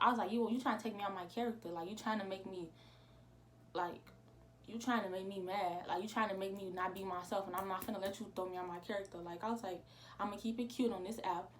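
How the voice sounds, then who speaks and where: A woman's voice: mid-range voice, a little hiss or hum. A teenage girl, casually telling a storytime vlog with lots of quoted dialogue. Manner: animated retelling with quoted dialogue. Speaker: vlogger.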